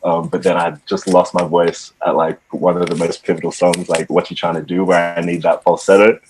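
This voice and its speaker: Deep-voiced young man, laid-back musician. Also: level tone, brisk, darkish tone, a little hiss or hum, rough recording. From Ghana. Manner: laid-back, many "like" and "um" fillers. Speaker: musician guest. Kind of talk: casual interview chat.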